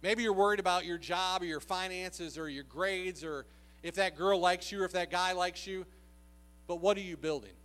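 A man's voice: high voice, moderate pace, fairly bright tone. A man preaching a sermon, telling a personal story in an earnest, conversational way with frequent filler sounds.

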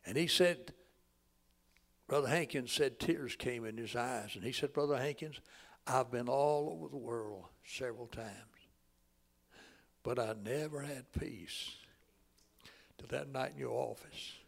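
A man, preaching a sermon in a folksy storytelling way that swells loud and drops to a hush. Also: mid-range voice, a little slow, gravelly, pauses often. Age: 80s.

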